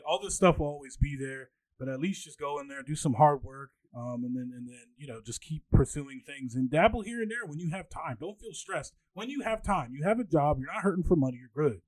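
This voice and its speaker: A man in his twenties hosting a podcast, telling stories in a casual, animated way and acting out what other people said. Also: no room sound. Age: 20s. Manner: animated, acts out quoted people with jumps in pitch. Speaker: podcast host. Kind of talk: casual storytelling monologue.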